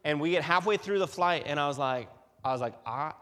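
A man's voice: a little high, quick pace, in a large hall. A man preaching to a youth group, telling a long personal story full of fillers and restarts. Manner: animated storytelling, many fillers and repeated starts. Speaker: youth pastor.

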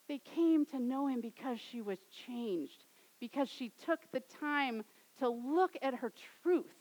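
A woman in her thirties delivers a sermon in a high, bright-pitched voice. She builds to loud, dramatic peaks, then drops to soft, hushed closes. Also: animated, takes it slowly, low-quality recording. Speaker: pastor.

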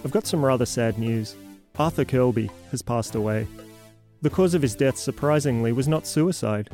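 A man hosting and narrating a fiction podcast, delivering a scripted intro with deadpan dark humor. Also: medium pitch, normal speed, soft background music.

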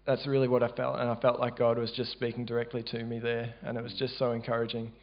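A man with an Australian accent, telling a church testimony in a casual, halting way with many fillers. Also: completely flat delivery. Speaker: church member sharing a testimony. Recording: dull low-fidelity sound.

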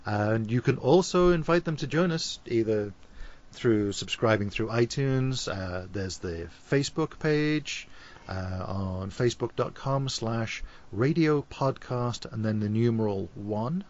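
A man's voice: mid-range voice, animated, a little slow, a little mellow, highs cut off. A man with a Liverpool Scouse accent, co-hosting a podcast in casual, joking chat. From Liverpool, England. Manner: joking, playful banter. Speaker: podcast co-host.

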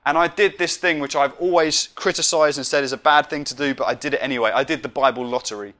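A man preaching a casual, self-mocking sermon and then praying quietly. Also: on the high side, steady tone, quick pace. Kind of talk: sermon ending in prayer.

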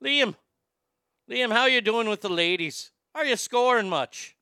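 A man's voice: very high voice, expressive, unhurried, bright, forceful tone, clear, resonant tone, dry recording, clean studio sound, voice pushed up, exaggerated voice. A man voicing a jovial middle-aged Irish father with a put-on Irish accent, ribbing his son.

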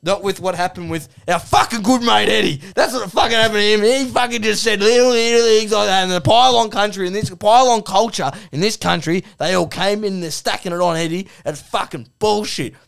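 A loud, aggressive Australian male football pundit, as a man puts him on, ranting and swearing with every sentence. The voice sits well above the speaker's own, pushed high and hard. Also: animated, fairly quick, vocal fry, full character voice.

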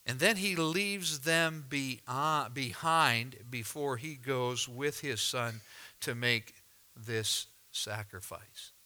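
A man preaching a sermon, reading scripture aloud and explaining it with deliberate, dramatic pauses. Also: medium pitch, bright, forceful tone. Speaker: pastor.

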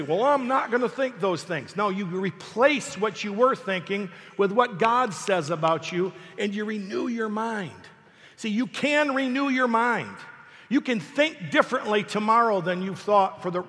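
A middle-aged pastor with a notably high voice delivers a lively sermon. He punches key phrases loudly, then drops into quiet, conversational asides. His voice carries a long reverb, as in a large church hall. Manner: animated preaching, swings between loud emphasis and soft asides. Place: church sanctuary.

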